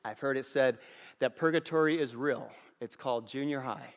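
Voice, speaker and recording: Middle-aged pastor preaching in a reverberant hall. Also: male voice, mid-range voice, moderate pace. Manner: earnest, storytelling with repeated phrases. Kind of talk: sermon. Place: church auditorium.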